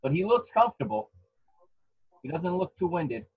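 A man co-hosting a podcast, giving relaxed play-by-play of a fight with restarts and chuckles. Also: sits high, normal speed, breathy edge, narrow, tinny audio. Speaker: podcast co-host commentating a fight. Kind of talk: casual live fight commentary. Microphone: home microphone.

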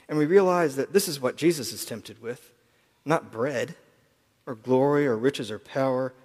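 A man preaching a sermon in a reflective, earnest way, dropping to quiet asides at times. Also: mid-range voice. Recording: long hall reverb.

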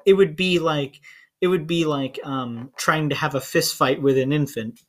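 A game master narrating a tabletop role-playing game, pausing often with lots of fillers. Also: medium pitch. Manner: hesitant, many fillers.

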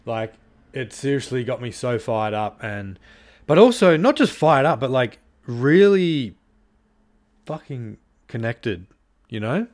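A male podcast host speaking alone to his listeners, worked up and blunt. He swears freely and fills his pauses with "um" and "you know." His voice sits at an ordinary middle pitch. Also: very animated, a little mellow. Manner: heated, swears often, many fillers. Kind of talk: solo podcast monologue.

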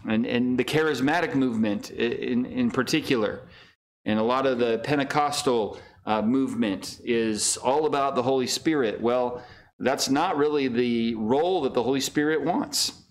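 Folksy pastor teaching, full of fillers. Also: male voice, moderate pace. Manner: casual, many fillers and restarts; reads scripture in raised, higher voice. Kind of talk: Bible study teaching.

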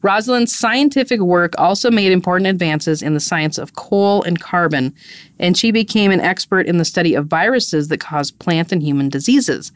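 A woman co-hosts a podcast, chatting casually with a friend, laughing easily and making fun of herself. Her voice is lowish and moderately paced, and the recording is dry.

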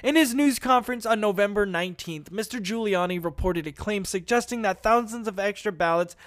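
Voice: medium pitch, fairly quick, no room sound, studio quality. Commentator reading news aloud. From United States. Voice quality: swearing, laughs at own jokes, easily loses composure. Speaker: online commentator.

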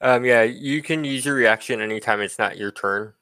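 A man running a tabletop game as game master, narrating in a relaxed way with laughs and fillers. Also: mid-range voice, moderate pace, smooth.

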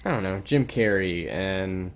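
A man co-hosting a podcast in casual chat, rambling and animated with many restarts. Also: sits low, unhurried. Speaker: podcast co-host.

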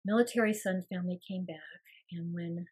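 This is an older woman speaking as a guest, with a low-set, husky voice. She talks in an earnest, soft way and often lets her words drop to a hushed near-whisper as she recalls events. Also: normal speed. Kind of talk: emotional personal storytelling.

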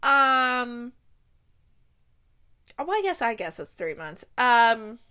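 A woman's voice: a little high, very animated, drawn-out words, sharp tone. A young woman chatting casually about books she has read, gushing and rambling with many fillers and restarts. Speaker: book reviewer. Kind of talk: casual book review chat.

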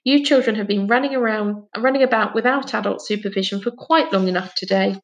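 A woman's voice: medium pitch, a little fast, close to an everyday voice. A woman voicing a fussy, protective mother in a children's story.

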